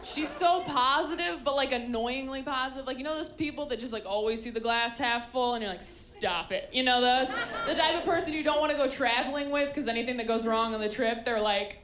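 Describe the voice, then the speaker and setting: A high-pitched young woman working a live comedy stage with dry, sarcastic timing. Her handheld mic sits close while the audience's laughter and room noise come through clearly behind her. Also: a little fast. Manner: deadpan, sarcastic, acts out quoted voices. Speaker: stand-up comedian. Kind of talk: stand-up comedy set.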